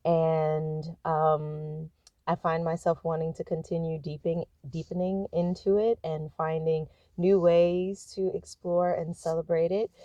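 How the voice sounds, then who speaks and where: A woman speaking in a reflective personal monologue, thoughtful and unhurried, pausing often to find her words. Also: fairly low pitch, warm tone, dry recording, muffled recording. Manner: thoughtful, unhurried, with frequent hesitations.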